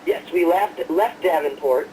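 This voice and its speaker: A man's voice: fairly high pitch, a little slow, darkish tone, recorded from a distance, slight background noise, low-quality recording. A man calling in as a guest singer, talking easygoing and rambling with fillers. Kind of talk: casual interview over the phone.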